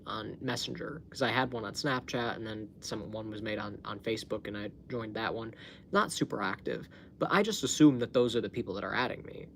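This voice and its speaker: A man's voice: medium pitch, fairly bright tone, a little hiss or hum. A man hosting his own live stream, chatting casually and telling a story, laughing often and swearing freely, recorded on a phone at home. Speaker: livestream host.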